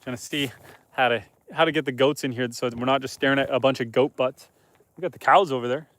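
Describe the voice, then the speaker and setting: A man's voice: medium pitch, fast talker. A man hosting a casual live stream outdoors on his homestead, chatting loosely with viewers and reading their comments aloud. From Northern Canada. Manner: relaxed, rambling, reads viewer comments aloud. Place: outdoors on a homestead farm among animals.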